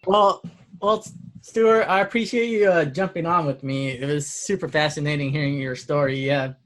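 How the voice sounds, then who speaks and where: A man's voice: fairly high pitch, normal speed, fairly bright tone. A man hosting a podcast, politely thanking his guest and wrapping up. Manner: polite, appreciative. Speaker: podcast host. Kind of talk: interview wrap-up.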